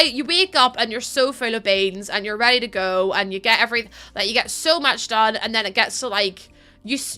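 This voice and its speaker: A woman's voice: fairly high pitch, pushed and bright. A woman, chatting casually on a live stream as she builds in a game, tired from little sleep and rambling with fillers and laughs.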